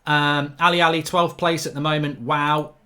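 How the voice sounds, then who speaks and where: Ranting football fan, higher voice. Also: male voice, level tone, moderate pace, pushed and bright. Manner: exasperated, swears often, sarcastic ranting. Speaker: football fan livestream host. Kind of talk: live match reaction reading chat.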